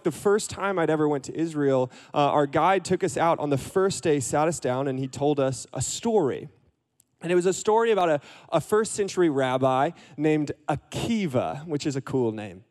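A man's voice: a little high, darkish tone. Chatty young man giving a youth sermon. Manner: chatty and self-deprecating, with many fillers and restarts. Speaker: youth ministry director. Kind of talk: casual storytelling sermon.

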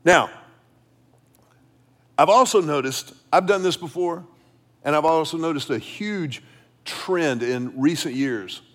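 A middle-aged man preaching a sermon as pastor, repeating words as he restarts and dropping low and quiet when he tells a story. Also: takes it slowly, long pauses. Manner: storytelling, drops low and quiet for quoted lines.

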